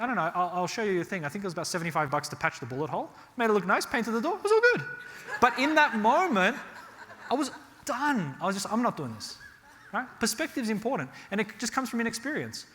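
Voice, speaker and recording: A man from Australia giving a real estate workshop to a live audience, telling stories and checking in with "right?". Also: high voice. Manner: animated storytelling with frequent rhetorical "right?". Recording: hall reverb.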